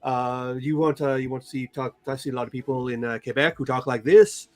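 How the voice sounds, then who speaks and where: A man's voice: medium pitch, steady tone, brisk, a little mellow. A French-Canadian man, French his first language, co-hosting a casual chat with lots of fillers and restarts. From Franco-Ontarian Canada. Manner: chatty, many fillers and restarts. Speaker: podcast co-host.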